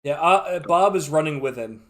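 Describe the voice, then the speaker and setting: A man's voice: a little high, lively intonation, fairly quick. A man running a tabletop game as dungeon master, chuckling often and rambling loosely with plenty of fillers.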